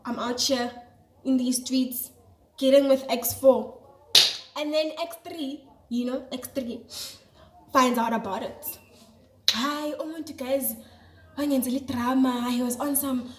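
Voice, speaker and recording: A young woman with a South African accent and a bright, high voice, chatting in an animated, slang-heavy storytelling style. She is recorded in a roomy space that adds a clear echo to her voice. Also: measured pace, pauses often. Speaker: vlogger. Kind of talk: casual storytelling to camera. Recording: echoey room.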